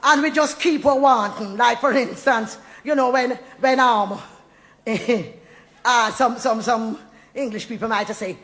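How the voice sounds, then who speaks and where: A woman with a Jamaican accent talks and recites verse, often laughing in a playful way and slipping into Jamaican Patois. Her voice sits on the high side, fairly bright, at a measured pace. She is a poet and storyteller, and the talk is lively with recited verse.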